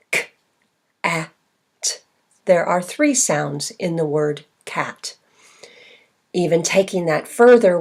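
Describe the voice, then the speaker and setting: In a recorded teaching presentation, a woman literacy consultant speaks clearly and instructively, slowly stretching out example words so listeners can follow. Her voice is on the low side.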